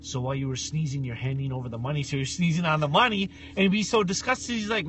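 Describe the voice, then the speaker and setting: A man co-hosting a casual chat, loud and teasing. His voice is high and sharp, and it jumps around a lot, with a faint noise of the room behind him. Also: rapid-fire. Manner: teasing, loud and animated, acts out quoted voices. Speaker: podcast co-host.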